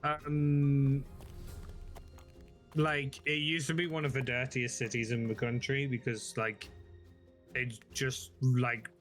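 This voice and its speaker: A man's voice: medium pitch, level tone, takes it slowly, pauses often, fairly bright tone, soft background music. A man from the English Midlands chatting casually on a game stream, hesitant and loose with fillers. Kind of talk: casual chat.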